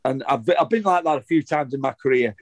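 A middle-aged former footballer, telling a story in an interview in a heated, sweary, rambling way with many restarts. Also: male voice, medium pitch, quick pace, dry recording, rough recording.

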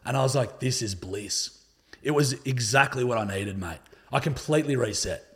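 Husky, laid-back Australian man. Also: medium pitch, fairly quick. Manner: laid-back, swears often, says "like" a lot. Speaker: podcast guest. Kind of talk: casual conversational storytelling.

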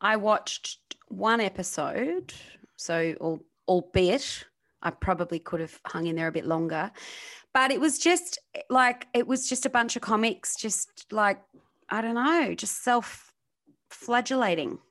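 A woman co-hosting a podcast, chatting in a relaxed, blunt way and murmuring agreement often. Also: medium pitch, measured pace. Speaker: podcast co-host. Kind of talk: casual chat.

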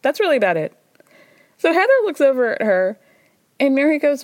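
Woman, podcast host, gossipy recap, slightly high voice, dry close sound. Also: sing-song, fairly quick, long pauses, darkish tone, no room sound. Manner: gossipy storytelling, acting out quotes with laughs. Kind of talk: casual reality TV recap.

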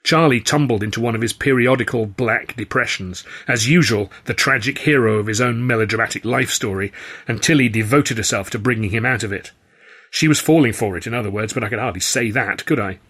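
A man's voice: mid-range voice, fairly quick, fairly bright tone, slightly rough. A man reading his own novel aloud in the first person, with a wry storytelling manner. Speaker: author and narrator. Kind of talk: audiobook narration, first person.

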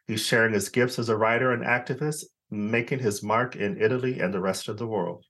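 A man hosts a podcast interview, his voice sitting a little low. He opens with a read welcome, then moves into an easy, questioning tone. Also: brisk. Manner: scripted intro then relaxed, laughing questions. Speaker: podcast host.

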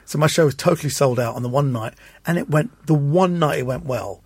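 A man, a comedian guest, telling anecdotes in an animated way in casual chat and acting out the voices he quotes. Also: a little high, fairly quick, husky, dry recording.

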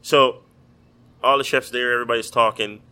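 A man's voice: medium pitch, fairly even intonation, normal speed, bright, forceful tone, smooth, rough recording. A man from the Virgin Islands, a chef, chatting casually in a loose, profane way full of fillers. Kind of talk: casual chat.

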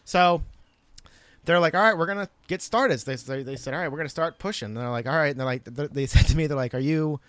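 A young man telling a long story in casual chat, animated and rambling, full of fillers. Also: a little high, quick pace, clean tone, no echo.

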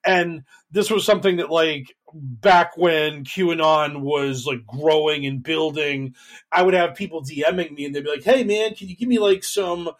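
A man with a slightly raised pitch talks through a casual podcast discussion. He rambles, restarts often and drops into mocking voices for the people he describes. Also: measured pace. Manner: rambling, many fillers, mocking quoted voices. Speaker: podcast co-host. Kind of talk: casual political chat.

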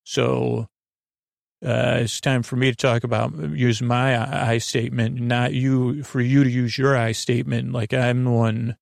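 Earnest woman voiced by a man, a bit higher, fumbling, apologetic, gravelly, dry sound. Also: level tone, unhurried, dry recording.

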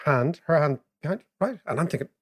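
A man, co-hosting a podcast, telling stories and explaining economics in an animated way, laughing as he goes. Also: fairly high pitch, fairly quick, slightly rough. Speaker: podcast co-host. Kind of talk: casual storytelling and economics chat.

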